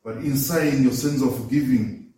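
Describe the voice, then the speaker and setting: A man's voice: medium pitch, normal speed, warm tone. A man preaching a sermon, earnest and emphatic, often repeating words as he builds a point. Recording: roomy echo, voice from far off the mic.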